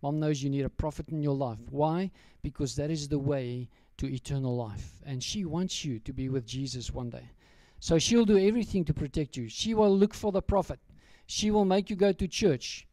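Storytelling pastor. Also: male voice, a little high, normal speed, few pauses, dark tone, no echo. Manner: storytelling preacher speaking directly to the children. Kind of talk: sermon.

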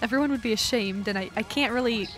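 Giggly bright-voiced woman streamer. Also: a little high, quick pace, faint music behind. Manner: giggly, joins the bit with laughter. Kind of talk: improvised comedic role-play.

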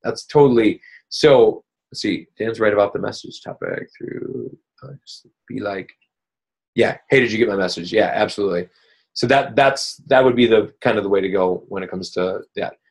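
A man's voice: on the low side, moderate pace, slightly rough. A man hosting a weekly coaching call, talking casually and upbeat, rambling with many fillers and restarts. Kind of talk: casual motivational coaching talk.

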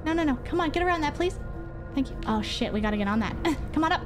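A young woman streaming a horror game from her home office, excitable and jokey, swearing and jumping into squeals. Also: high voice, fast, music in the background. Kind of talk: live gameplay commentary.

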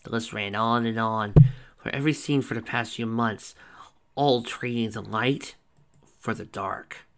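A man reading fan fiction aloud as narrator, in a steady, plain way. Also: lowish voice, unhurried, heavy background noise.

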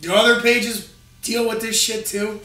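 A man's voice: sits high, steady tone, measured pace, roomy sound, recorded from a distance, crowd noise. A man co-hosting a casual chat, blunt and dismissive, swearing freely. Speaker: podcast co-host, group admin.

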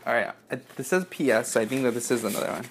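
A young man in his twenties opening fan mail in a casual home vlog, excitable and swearing often, jumping into high squeals when delighted. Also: very fast, a little hiss or hum. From United States. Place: indoors at home, apartment.

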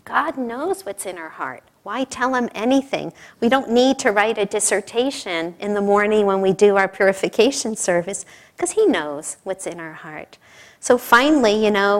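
A woman's voice: medium pitch, animated, normal speed. A middle-aged woman telling a personal story in an informal sermon, chatty, with frequent laughs and asides. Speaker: speaker at a spiritual service.

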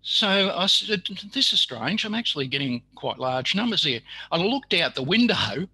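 Older man, halting storytelling, slightly high voice, dry close sound. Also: sing-song, pushed and bright, husky, no echo, rough recording. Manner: halting, many fillers and restarts. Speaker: interviewee. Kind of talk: casual storytelling interview.

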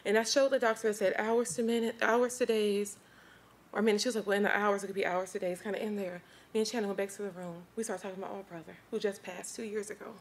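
A woman's voice: mid-range voice, steady tone, quick pace. A woman giving an earnest, heartfelt church testimony, speaking straight to the congregation.

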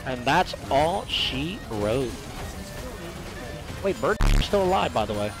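A man streaming a video game, ranting in a rambling, profane, excitable way, filling his talk with "like" and "literally.". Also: mid-range voice, slow, low-quality recording. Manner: fillers, repeated "like" and "literally". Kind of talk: casual gaming stream chat. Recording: music playing behind voice.

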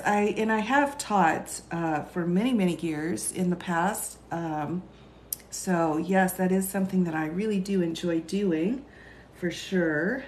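A woman's voice: on the low side, a little hiss or hum. A woman who is a lawyer and law teacher, hosting a casual live stream, chatting and laughing often as she reads viewer comments aloud. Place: indoor room, streaming live. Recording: roomy echo.

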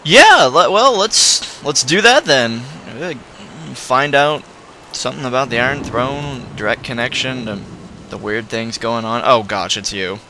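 Brief: male let's-play host, bright tone, chatty and rambling with self-corrections. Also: medium pitch, lively intonation, measured pace, slight background noise. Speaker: video game player.

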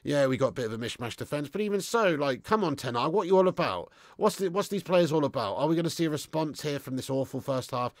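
A man's voice: a little high, lively intonation, fast, hardly any pauses, dry recording, studio quality. A young man hosting a live football watch-along, reading out viewer comments and sounding frustrated, blunt and given to casual swearing. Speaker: football fan channel host.

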